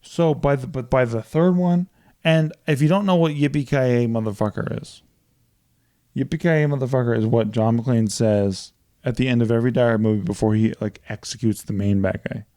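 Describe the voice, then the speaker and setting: A man telling movie stories in a casual podcast chat, profane and animated as he recaps plots. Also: medium pitch, moderate pace, dry recording, clean studio sound. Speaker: podcast co-host.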